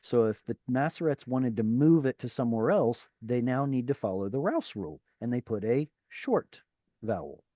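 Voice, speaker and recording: A man's voice: mid-range voice, very animated, normal speed, warm tone, dry recording. A man teaching an online Hebrew reading class, patiently explaining grammar and encouraging his students. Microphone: video call.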